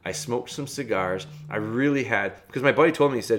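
A man in the middle of his pitch range tells a long personal story at his own easy pace. He rambles, circles back to correct himself and laughs at his own missteps, like a host chatting on his podcast. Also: a little fast, hardly any pauses, a little hiss or hum. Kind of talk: casual storytelling.

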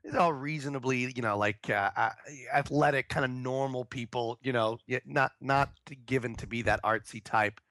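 Bright, profane storytelling man. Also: mid-range voice, normal speed, few pauses. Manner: profane, animated storyteller acting out quotes. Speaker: podcast co-host. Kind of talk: casual comedic storytelling.

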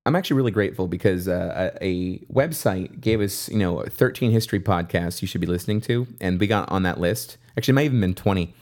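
A man's voice: low-pitched, quick pace, hardly any pauses, a little mellow. A man co-hosting a history podcast, chatting casually and jokily with frequent restarts. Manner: jokey, rambling with restarts. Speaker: podcast co-host.

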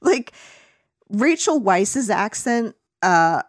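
A woman's voice: medium pitch, lively intonation, normal speed, no room sound, studio quality. A woman chatting casually and ranting about a film, full of fillers and restarts. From United States. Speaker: podcast co-host reviewing a film. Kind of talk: casual opinionated chat.

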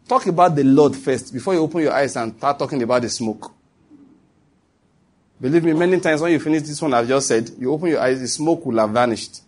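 A male preacher with a husky, breathy voice at a middle pitch delivers a sermon. He presses his points through repetition and keeps asking his listeners whether they follow. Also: fairly quick, darkish tone. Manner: emphatic and repetitive, with asides to the listeners. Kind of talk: sermon to a congregation.

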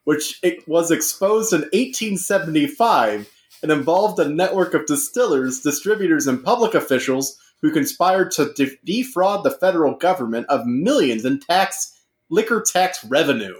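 Higher-voiced joking male podcast host. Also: animated, moderate pace. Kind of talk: casual comedic banter.

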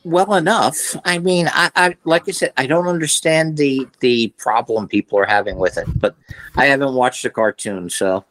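Guy on a podcast, mid pitch, dry close sound, kinda halting and rambly. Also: fairly bright tone, no room sound, poor audio. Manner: hesitant, restarts and trailing thoughts. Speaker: podcast co-host. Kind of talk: casual chat.

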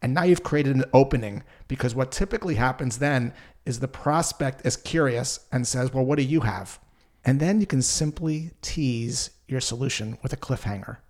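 Guy teaching a sales tip, calm and chatty, medium voice. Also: mid-range voice, moderate pace. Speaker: sales trainer. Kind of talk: explanatory sales lesson.

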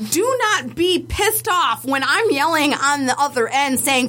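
High-voiced woman in casual podcast chat. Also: a little slow, hardly any pauses. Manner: animated, swears freely, laughs often. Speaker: podcast co-host.

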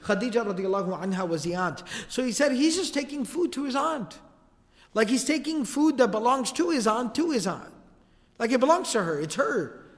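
A man with a high voice tells a story as a lecture. His delivery is casual and lively, with slangy asides. A long reverb hangs behind him, as in a big hall. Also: normal speed.

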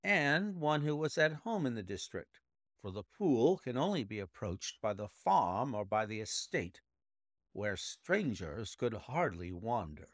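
A man voicing a brilliant, precise male detective explaining his deductions in a measured way. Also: medium pitch, sing-song, no echo, clean studio sound.

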